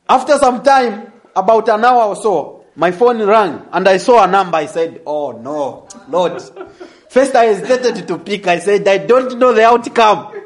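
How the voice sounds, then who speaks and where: A young adult man telling a testimony in a sermon, animated and laughing as he tells the story. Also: high-pitched. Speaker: preacher.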